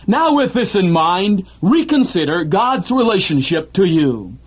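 A man delivering a scripted radio sermon in an earnest, measured preaching manner. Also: high voice, big pitch swings, breathy edge, poor audio.

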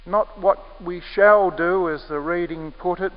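A man preaching a sermon with measured, emphatic phrasing, leaning on repeated key words. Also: high voice, fairly even intonation. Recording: echoey hall, muffled lo-fi sound.

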